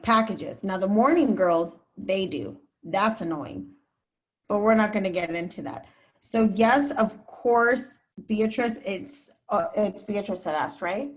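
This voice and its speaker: A woman TV news reporter speaking as a guest, giving candid, chatty advice to students over a video call, with many fillers. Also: medium pitch. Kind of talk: casual advice talk to students.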